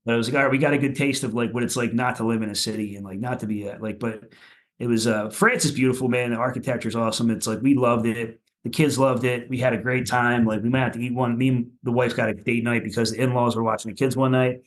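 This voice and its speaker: A man from Philadelphia talks as a podcast guest in casual chat. He rambles loosely, swears freely and leans on filler words. His voice sits at an average pitch for a man. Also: fairly even intonation, quick pace. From Philadelphia, USA. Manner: rambling, profane, many "like" fillers. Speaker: podcast guest, punk musician.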